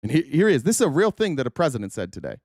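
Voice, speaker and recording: A man hosting a livestream of political commentary, ranting in a profane, animated way. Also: a little high, rapid-fire, dry recording, studio quality. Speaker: host.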